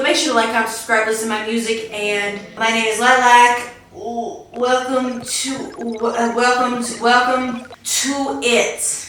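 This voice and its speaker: A woman hosts her podcast in casual reaction commentary, chatty and full of teasing, sarcastic asides. Her voice sits a bit high and bright. She sounds set back from the mic in a very echoey room, with faint music underneath. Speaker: podcast host.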